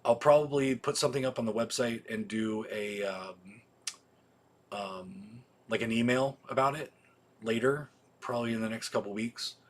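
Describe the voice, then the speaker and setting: A man chats casually on a livestream. He rambles and restarts, swears often, and fills his pauses with ums. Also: mid-range voice. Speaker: video store owner hosting a weekly livestream.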